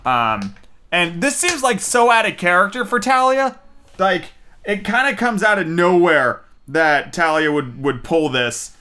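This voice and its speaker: Bright-voiced man rambling through a review. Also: high voice, a little slow. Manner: rambling and excitable, full of fillers and swearing. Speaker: movie reviewer. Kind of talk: casual spoken review.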